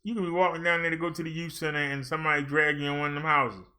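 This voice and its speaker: A male minister chatting casually on a livestream, joking freely between updates. His voice sits fairly high with a bright, forward ring. He lifts with excitement whenever the news turns good. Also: rapid-fire. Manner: chatty, jokey, excited when reading numbers.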